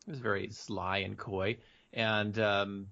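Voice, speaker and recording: A young man co-hosting a casual podcast, talking hesitantly with lots of ums and restarts. His voice is lowish and gravelly. The recording of him sounds dull and lo-fi. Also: little pitch movement, takes it slowly, crowd noise. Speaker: podcast co-host. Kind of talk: casual chat.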